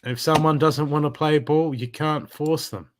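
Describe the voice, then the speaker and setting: A man's voice: fairly high pitch, steady tone, normal speed, noisy background. A man giving a live spiritual card reading, talking in an emphatic, repetitive coaching way. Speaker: intuitive card reader.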